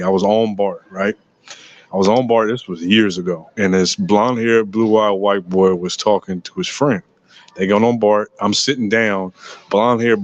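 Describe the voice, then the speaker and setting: A man on a casual podcast, telling stories with emphasis and blunt profanity, sometimes acting out other people's voices. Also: on the low side. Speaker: podcast co-host. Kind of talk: casual podcast debate, storytelling. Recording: dull lo-fi sound.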